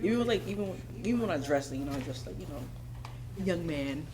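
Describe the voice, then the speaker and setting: A woman guest telling a story in casual talk, animated, laughing often, filling with "you know what I'm saying". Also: lowish voice, fairly quick. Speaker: podcast guest, hospital worker. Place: room with a group of women. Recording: noisy group chatter behind.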